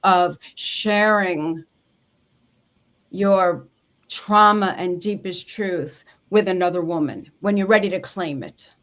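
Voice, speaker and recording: Earnest woman, low-voiced ghostwriter. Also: takes it slowly. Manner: earnest, emotional storytelling with soft laughs. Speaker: memoir ghostwriter, guest. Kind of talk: casual interview conversation. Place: home office on a video call.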